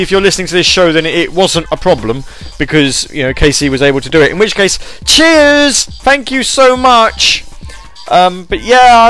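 A man hosting a podcast alone, rambling and self-deprecating, with many fillers and restarts. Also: fairly high pitch. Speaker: podcast host. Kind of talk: casual solo podcast chat.

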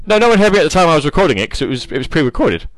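A man's voice: on the high side, sing-song, racing, rough recording. A British man hosting an online radio show, rambling and joking at his own expense in casual chat. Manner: rambling, jokey, self-mocking.

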